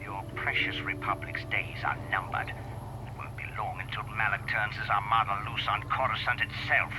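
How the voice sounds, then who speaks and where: An actor as a threatening Sith officer, contemptuous, low-pitched, noisy game audio. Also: male voice, normal speed, close to an everyday voice. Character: menacing male Sith officer.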